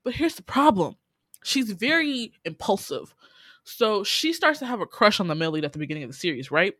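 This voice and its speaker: A woman, casually recapping a TV series in animated, exasperated storytelling. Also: medium pitch, a little fast, dry recording. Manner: animated, swearing, exasperated storytelling with quoted reactions.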